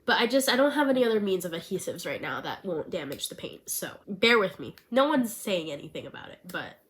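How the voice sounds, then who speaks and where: A woman's voice: lowish voice, sing-song, a little fast, a bit bright. A young woman with a nasal, stuffed-up voice from a cold, chatting casually to camera as a vlogger from her small bedroom. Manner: bubbly, chatty, rambling. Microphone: pen-style handheld mic.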